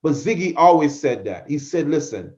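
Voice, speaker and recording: A middle-aged man delivers a fervent motivational talk, urging listeners on and repeating his key phrases. His voice sits a little high for a man. The podcast audio is dull and lo-fi. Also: animated, normal speed, a little mellow. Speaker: podcast host, motivational speaker.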